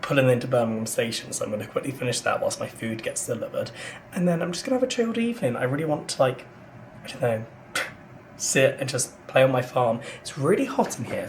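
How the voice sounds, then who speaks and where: A male vlogger chats casually and rambles to his handheld camera in a hotel room high up in a city, giving a day-in-the-life talk. His voice is mid-range, and there's a little hiss or hum.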